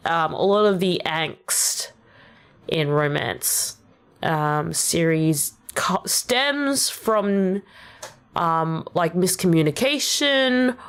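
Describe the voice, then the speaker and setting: A young woman with a general Australian accent, chatting casually and rambling with many fillers as she explains her rap lyrics on a stream. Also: lowish voice. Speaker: VTuber streamer. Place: at home on a rainy day.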